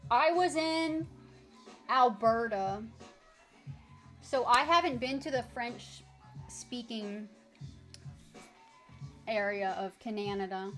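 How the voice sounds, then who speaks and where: A high-pitched American woman chats to her live-stream audience at a relaxed, slow pace. She talks casually and tries out French words aloud. Faint music plays in the background. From United States. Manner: chatty, practicing French words aloud with viewers.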